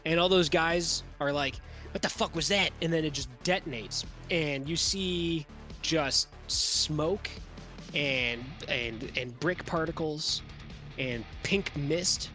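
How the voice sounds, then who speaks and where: A man's voice: a little high, takes it slowly, pushed and bright, soft background music. A man as game master, narrating a tabletop game in a casual, vivid, profane way.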